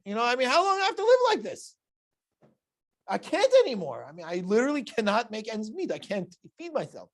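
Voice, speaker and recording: A man putting on a poor, worn-out man at the end of his rope, pleading in a high, strained voice that climbs well above a speaker's usual register. He talks quickly and loudly. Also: wildly swooping pitch, heavily acted. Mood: desperate.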